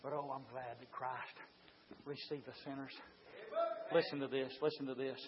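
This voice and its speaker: A man preaching a revival sermon, swinging from hushed talk to shouted exclamations. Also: medium pitch, little pitch movement, moderate pace, a loud crowd. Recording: dull lo-fi sound.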